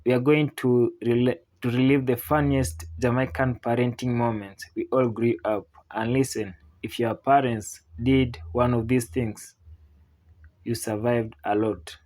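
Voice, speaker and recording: A man's voice: medium pitch, steady tone, unhurried, darkish tone, low-quality recording. A man narrating scripted comedy about Caribbean parents, now and then mimicking a mother.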